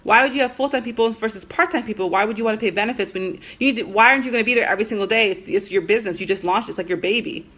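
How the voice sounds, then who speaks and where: A woman's voice: medium pitch, very fast, hardly any pauses, fairly bright tone, slightly rough. A young adult woman talking to camera as a business coach, recounting conversations in a blunt, exasperated way. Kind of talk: casual talk to camera.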